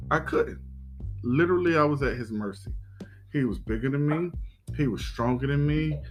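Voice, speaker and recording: A man hosting a podcast, telling a personal story in a halting, reflective way, with many pauses and restarts. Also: mid-range voice, low-quality recording. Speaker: podcast host.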